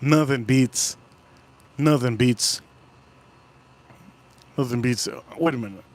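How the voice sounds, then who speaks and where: This whiskey livestreamer from the United States talks slowly in a mid-range voice. He drifts from story to story, dropping casual swears and going over the same points again.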